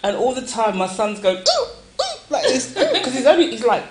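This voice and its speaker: A woman telling a family story in a lively, laughing way, acting out the voices of her characters as a storytelling guest. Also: on the high side, brisk, noisy background. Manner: animated, laughing, acts out voices in stories. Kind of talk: casual storytelling chat. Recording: echoey room.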